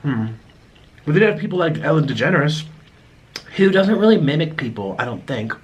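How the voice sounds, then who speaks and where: A man's voice: fairly high pitch, big pitch swings, brisk, highs cut off. A young man hosting a mukbang video, talking casually and rambling with frequent restarts. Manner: chatty, rambling, with frequent restarts and aside remarks. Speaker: mukbang vlogger. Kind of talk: casual eating-video chat.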